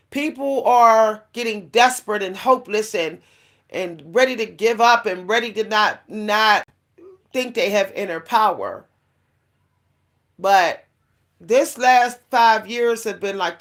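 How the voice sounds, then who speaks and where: A woman's voice: mid-range voice, animated, a little slow. A woman vlogger giving a casual spiritual monologue, rambling with many fillers and restarts, laughing now and then and speaking straight to her listeners. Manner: confiding, addresses listeners directly.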